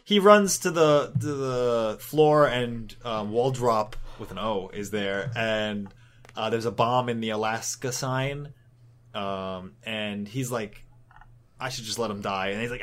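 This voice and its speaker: A man's voice: lowish voice, unhurried. A man co-hosting a podcast, recapping a comic in casual, rambling chat, swearing often and acting out the characters' lines. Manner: rambling, swears, acts out quotes. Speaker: podcast co-host.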